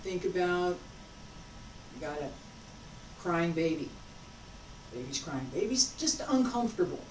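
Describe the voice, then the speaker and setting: Female qigong instructor, unhurried and soothing, heard from a distance in an echoey room. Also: on the low side, big pitch swings, a little hiss or hum. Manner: slow, coaxing, drawn-out phrases with long pauses. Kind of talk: guided qigong class. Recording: roomy sound from a distant mic.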